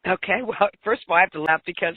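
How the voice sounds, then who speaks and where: A woman's voice: on the low side, fast talker, breathy edge, no room sound. An older woman, a business coach and author, telling stories earnestly as a talk show guest and laughing often. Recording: tinny phone line.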